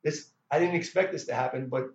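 A middle-aged man, a guest musician, telling a story in a casual interview, animated and full of restarts and stammers. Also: mid-range voice, fairly quick. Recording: roomy, dull lo-fi sound.

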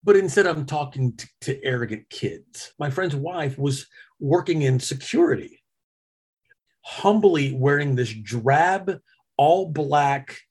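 A man's voice: medium pitch, a little mellow, breathy edge. A middle-aged man hosting a podcast, telling a story in a casual, self-mocking chat. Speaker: podcast host.

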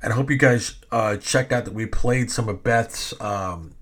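A man's voice: lowish voice, moderate pace. A middle-aged man hosting a podcast. He tells stories casually in rambling, self-interrupting sentences and swears often. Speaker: podcast host. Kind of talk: casual storytelling.

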